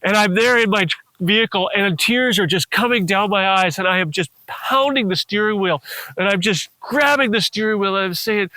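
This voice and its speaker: A man's voice: high-pitched, moderate pace, pushed and bright, dry recording. A man preaching a sermon, telling a personal story with feeling and acting out the voices in it, his voice rising to pleading cries. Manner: emotional, acts out quoted voices, rises to pleading cries. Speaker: pastor.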